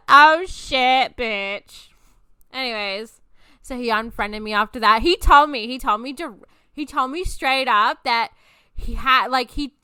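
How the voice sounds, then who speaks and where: A woman in her twenties hosts a podcast, telling personal stories in a loose, chatty style, swearing freely and laughing often. Her voice is high and sharp with a clean tone, and there's no room sound in this casual storytelling chat.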